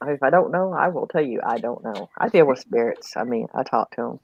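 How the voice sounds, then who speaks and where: A woman's voice: rumbling low, animated, a little fast, a little mellow, a little hiss or hum. A woman on a panel talking casually. She describes things earnestly and often repeats words. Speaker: panel guest. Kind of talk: casual chat. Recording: dull dry sound.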